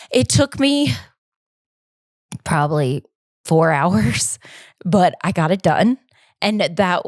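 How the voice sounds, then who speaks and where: A woman's voice: lowish voice, no room sound, studio quality. A woman hosting a podcast alone, talking in a rambling, candid, self-deprecating way and fighting back emotion. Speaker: podcast co-host. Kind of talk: casual personal monologue.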